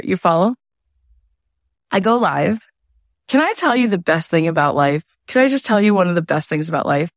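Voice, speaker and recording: A woman in her thirties hosting her show, telling her own story in a lively, casual way, full of quoted self-talk. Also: fairly low pitch, dry recording, studio quality.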